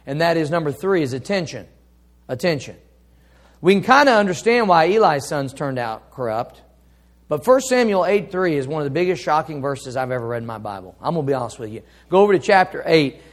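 A man preaching a sermon as pastor, emphatic, swinging up and down for effect and reading scripture slowly. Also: on the high side, sing-song.

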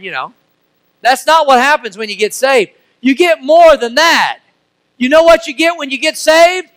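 A middle-aged man from Missouri preaching a sermon as pastor. He uses call-and-response questions and swings from soft to loud. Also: very high voice, no echo, poor audio.

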